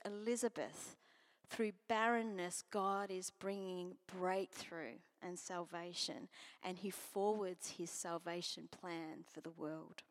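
A woman preaching a sermon and reading scripture, earnest, moving from strong emphasis to soft near-whispers. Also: mid-range voice. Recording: long hall reverb.

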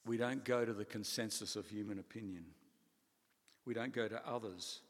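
Male pastor, lowish voice, conversational preaching with playful asides, long hall echo. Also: moderate pace. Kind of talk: sermon.

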